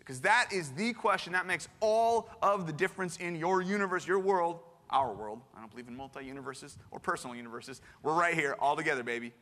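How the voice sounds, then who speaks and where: Male preacher, casual sermon, animated and slangy, bright voice, long hall reverb. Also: fairly high pitch, brisk, few pauses.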